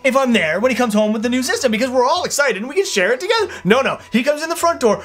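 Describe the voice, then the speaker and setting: A man's voice: very high voice, animated, fast, hardly any pauses, fairly bright tone, soft background music. A man co-hosting a casual chat, telling his side of a story in a teasing, sarcastic way. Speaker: co-host.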